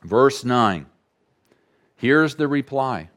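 A man delivers a sermon at an unhurried, measured pace. He leans on repetition to drive his points home, and his voice sits in a middle register. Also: medium pitch, animated, a bit bright. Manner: slow, deliberate preaching with emphatic repetition. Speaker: pastor.

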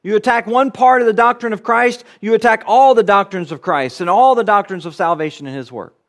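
A man's voice: high voice, a little fast. A man giving an earnest expository sermon, teaching through a Bible book and driving points home with repeated phrases. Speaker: preacher.

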